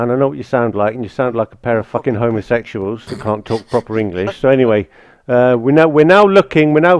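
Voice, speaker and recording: A man's voice: fairly high pitch, darkish tone, no echo, dull audio. Taunting, swearing gamer man. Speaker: streamer playing a survival game. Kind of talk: in-game voice chat.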